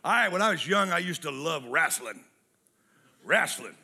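A man preaching a sermon as a pastor, lively and humorous, acting out quotes in different voices and repeating key phrases. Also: a little high, unhurried, breathy edge.

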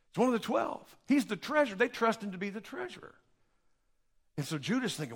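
A man preaching a sermon, telling Bible stories in a folksy, animated way with acted-out quotes. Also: sits high, fairly quick. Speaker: pastor.

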